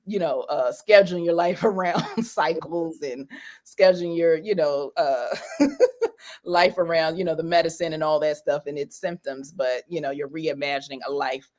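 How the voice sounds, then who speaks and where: A woman's voice: low voice, steady tone, normal speed, a little mellow. A woman guest on a video call interview, talking casually and rambling with many fillers and frequent laughs. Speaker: guest, author of a coloring book.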